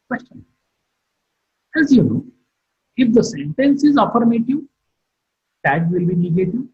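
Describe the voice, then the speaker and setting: A man's voice: sits high, a little mellow, slightly rough, lo-fi sound. A man giving an online phonetics lecture, explaining step by step and repeating example sentences with stress. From India. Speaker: university lecturer.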